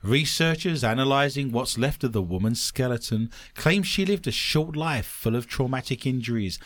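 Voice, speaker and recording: A man's voice: medium pitch, moderate pace, no echo. A man hosting a comedic podcast, joking and reading odd news stories aloud. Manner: jokey, animated, reads news stories aloud. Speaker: podcast host.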